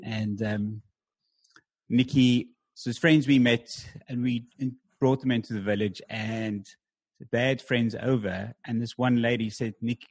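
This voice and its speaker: A man, a church planter, telling anecdotes in a lively interview with fillers like "um" and "like". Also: medium pitch, a little slow, husky, dry recording. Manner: animated anecdotes with filler words. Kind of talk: conversational storytelling.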